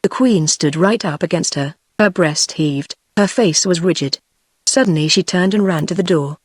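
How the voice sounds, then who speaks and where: A text-to-speech voice of a woman with a British accent, narrating an audiobook in an even, measured way. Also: on the low side, slightly rough, dry recording, clean studio sound. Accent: British English. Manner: even, measured synthetic delivery.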